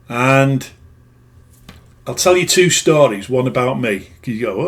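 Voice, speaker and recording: A man's voice: medium pitch, animated, a little slow, pauses often. A middle-aged man who works as a spiritual healer, telling a personal story in a rambling, plain-spoken way that often corrects itself. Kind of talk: casual storytelling monologue.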